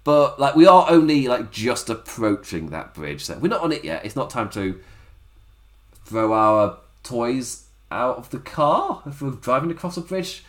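A man's voice: medium pitch, big pitch swings, a little slow. A man giving a chatty, rambling spoken recap of a wrestling show, laughing often and acting out quotes.

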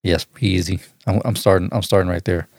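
A man's voice: sits low, fairly even intonation, brisk, gravelly, darkish tone, dry recording, studio quality. A man co-hosting a crude, casual chat, swearing often and laughing at his own jokes. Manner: profane, laughs often, puts on silly accents. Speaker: podcast co-host.

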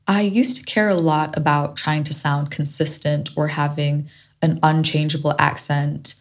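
Woman podcast host, low voice, Kenyan-British accent that drifts mid-sentence, candid and reflective. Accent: shifting mix of Kenyan and British. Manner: reflective and candid, warming to playful. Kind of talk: solo podcast monologue.

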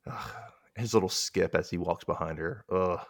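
A man hosts a podcast, casually recapping a TV episode and acting out the characters' lines as he goes, laughing often in an animated storytelling style. His voice is low-pitched with vocal fry and a moderate pace, recorded clean in a studio with no room sound.

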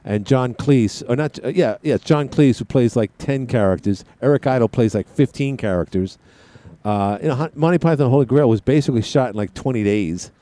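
A man's voice: mid-range voice, a little fast, mellow. A man hosting a call-in radio show, chatting in a rambling, joking way with plenty of side tangents. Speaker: radio talk show host. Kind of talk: call-in talk radio chat.

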